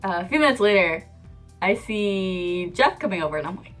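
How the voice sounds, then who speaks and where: A young adult woman telling a personal story in a casual vlog, animated, acting out the dialogue and laughing often. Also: medium pitch, normal speed, faint music behind. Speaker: vlogger.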